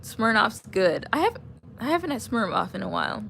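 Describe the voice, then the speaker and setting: Young woman, gravelly fry, loose rambling chat, faint hiss behind. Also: a little high, very animated, a little fast, a bit bright. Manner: drifting, laughing, trailing off mid-sentence. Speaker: vlogger reading viewer comments. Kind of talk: casual rambling livestream chat.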